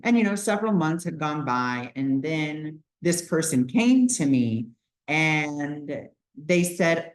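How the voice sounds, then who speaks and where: A man's voice: on the high side, big pitch swings, slow, low-quality recording. A man talking casually in a spiritual vlog, telling a personal story earnestly, with lots of "like" and "you know". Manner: personal storytelling with many fillers. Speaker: spiritual video creator.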